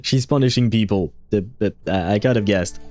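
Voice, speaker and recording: A man's voice: on the low side, normal speed, darkish tone, no room sound, soft background music. A man streaming a game, chatting casually in a rambling, filler-heavy way and laughing often. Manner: swears when frustrated. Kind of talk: casual gaming commentary.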